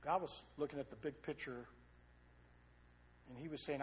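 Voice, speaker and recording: High-voiced preacher telling a story. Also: male voice, normal speed, slight background noise. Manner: animated storytelling with repetition and audience questions. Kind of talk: sermon.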